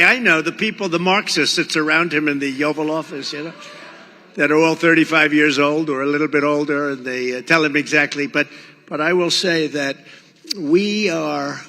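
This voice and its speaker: Older guy rambling through a rally speech, bright edgy voice, big echoey hall. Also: a little high. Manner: rambling, boastful, acts out quoted exchanges. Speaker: political speaker at a rally. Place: large rally venue.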